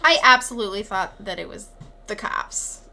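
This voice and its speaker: A woman's voice: mid-range voice, animated, normal speed, vocal fry, sharp tone. A woman co-hosting a podcast, chatting casually about a film and thinking aloud as she talks. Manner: conversational, thinks aloud with many likes. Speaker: podcast co-host.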